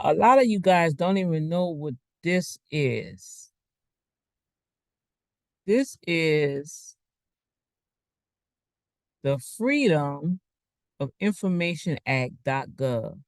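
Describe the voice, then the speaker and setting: A man's voice: a little high, no echo. A man giving a casual, rambling online talk as a financial coach, preaching with asides while sharing his screen.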